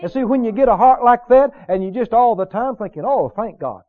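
High-pitched fervent preacher. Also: male voice, a little fast, phone-quality sound. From Mississippi. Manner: fervent, repetitive, rising to shouts of praise. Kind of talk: sermon.

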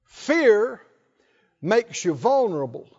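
A middle-aged man preaches a call-and-response sermon with a high-pitched voice for a man. He draws out key words and prompts the congregation to answer. The sound is dull and muffled, with a long reverb from a large hall. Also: very animated, slow pace, darkish tone, husky. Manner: emphatic, drawing out key words and prompting the crowd. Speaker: pastor.

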